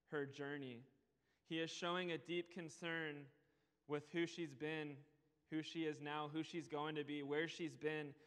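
A man's voice: fairly high pitch, fairly bright tone, smooth. Young male preacher, earnest, leans on key words; clean resonant voice with long reverb. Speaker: pastor. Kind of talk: sermon.

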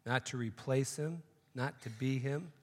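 A man's voice: mid-range voice, a little slow, big-room sound. A man preaching a sermon, telling a joke story and then making emphatic, repeated points. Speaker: pastor.

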